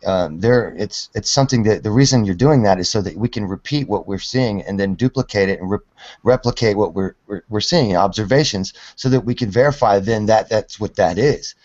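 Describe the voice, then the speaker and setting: A man's voice: lowish voice, a little fast, a little mellow. A man in a casual online discussion, rambling and swearing as he makes his point. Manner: rambling, swears, restarts often. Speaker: guest in discussion. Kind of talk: casual heated chat. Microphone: video call. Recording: dull web call audio.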